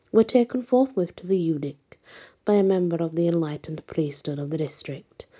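Woman storyteller for a folk legend: low, slow, husky, whispery and dramatic. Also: mellow. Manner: dramatic, often sinking to a breathy whisper. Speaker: narrator. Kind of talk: reading a folk legend aloud.

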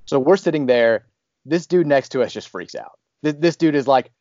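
A podcast host telling a personal story in a casual, animated, rambling way. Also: male voice, mid-range voice, normal speed, no echo, dull audio. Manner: animated, rambling, restarts often.

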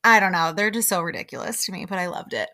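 Chatty opinionated woman, slightly low pitch. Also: fast. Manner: chatty and opinionated, many fillers, quotes people in lively put-on voices. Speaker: podcast host recapping a reality show. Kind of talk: casual chat.

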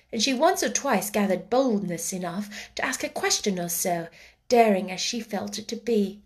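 A woman narrating a classic children's story aloud, expressive, sometimes slipping into a hushed whisper. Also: mid-range voice. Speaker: audiobook narrator.

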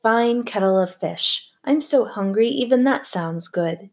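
A woman's voice: medium pitch, lively intonation, unhurried. Lady doing a dry joking middle-aged dad at dinner, wry and easy.

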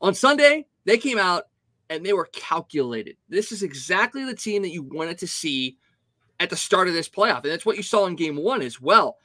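Bright, animated male sports podcaster. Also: high-pitched, moderate pace, no echo. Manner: animated, opinionated hockey analysis. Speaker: podcast co-host. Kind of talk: casual sports talk.

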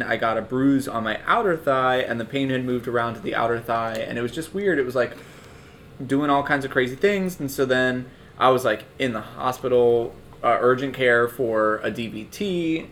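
A man's voice: medium pitch, moderate pace, slight background noise. A man in his twenties, a podcast co-host, telling a comic story in casual chat and acting out the people in it. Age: 20s. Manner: animated, acts out quotes with big jumps in voice.

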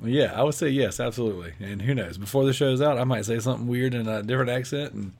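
A man's voice: mid-range voice, fast, darkish tone. A man co-hosting a podcast, reading listener questions and teasing the others, laughing often. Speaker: podcast co-host. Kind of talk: casual podcast banter.

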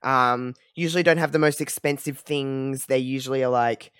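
Australian guy, twenties, dry close video-call sound, halting and filler-heavy, middling pitch. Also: steady tone, fairly bright tone, clear, resonant tone, dry recording. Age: 20s. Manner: hesitant, rambling, filler-heavy. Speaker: podcast co-host. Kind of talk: casual chat.

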